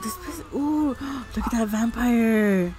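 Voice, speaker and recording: Excitable high-pitched woman gaming host. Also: slow pace. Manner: excitable, gasping, easily startled. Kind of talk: roleplay gameplay commentary. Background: spooky background music.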